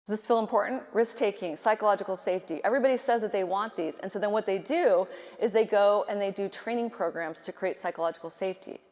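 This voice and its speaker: A middle-aged woman giving a conference keynote speech, animated, often acting out nervous inner voices. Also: medium pitch, quick pace, few pauses. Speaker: keynote speaker. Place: large conference hall. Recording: reverberant conference hall.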